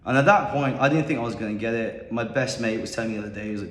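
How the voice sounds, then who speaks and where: A man's voice: medium pitch, rapid-fire. Confident young man in an echoey room. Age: young adult. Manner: animated, confident, rambling. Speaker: podcast guest. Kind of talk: casual storytelling. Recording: echoey room with long reverb.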